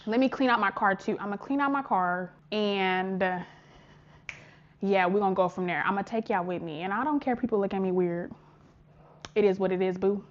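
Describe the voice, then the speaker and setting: A young woman chatting casually and warmly to camera in a vlog, expressive and heartfelt, full of "y'all", "child" and "honey". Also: mid-range voice, fairly quick, muffled recording. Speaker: vlogger.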